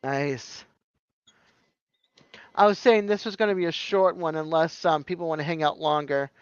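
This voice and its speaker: A man with a Boston accent and a high, smooth voice hosts a relaxed livestream, laughing easily and reading out names from chat. The sound is dry and close, yet dull and lo-fi like stream audio. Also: moderate pace, no echo. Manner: chatty, laughs often, reads viewer chat aloud. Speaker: livestream host. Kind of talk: casual chat.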